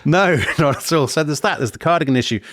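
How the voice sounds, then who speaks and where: A man co-hosting a history podcast, telling the story in a lively, digressive way with frequent self-corrections. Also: on the high side, fast talker, dry recording, clean studio sound. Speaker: podcast co-host.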